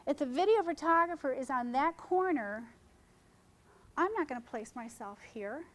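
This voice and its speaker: In a conference room, a middle-aged wedding photographer walks fellow photographers through her work in a relaxed, chatty seminar. Her slightly high voice is animated and moderately paced, and she jumps between points while joking with the crowd. The audio is rough.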